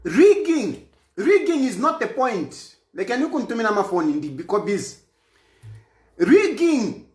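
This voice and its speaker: A man giving a heated political monologue, repeating his points insistently. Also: extremely high pitch. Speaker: political commentator. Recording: roomy echo.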